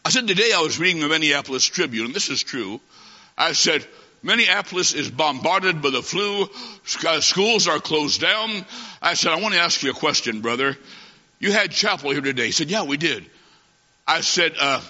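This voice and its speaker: A man preaching a humorous sermon, telling a comic story and acting out the dialogue with lively timing. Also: on the high side, moderate pace. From half Italian. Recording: dull recording in a long-echoing hall.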